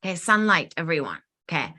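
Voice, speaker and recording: A woman co-hosting a live wellness session, talking in a chatty, animated, self-deprecating way. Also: deep voice, quick pace. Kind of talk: casual talk.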